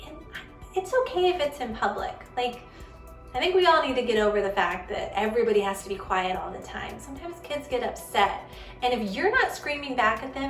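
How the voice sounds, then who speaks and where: A woman's voice: fairly high pitch, a bit bright. Earnest thirties woman, parenting host, conversational delivery; echoey room, mic a little distant. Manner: earnest, conversational, acts out quoted kids and parents. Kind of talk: casual advice talk to camera. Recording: echoey room, slightly off-mic, faint music.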